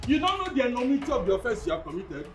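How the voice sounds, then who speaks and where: A boastful, crude Nigerian chief taunts in a high, swinging voice. His Nigerian accent is clear even as he is caught a little off-mic, with faint music underneath. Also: very fast, recorded from a distance. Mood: stubborn. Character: boastful philandering middle-aged chief, crude. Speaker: husband and chief. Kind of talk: Nollywood film acting.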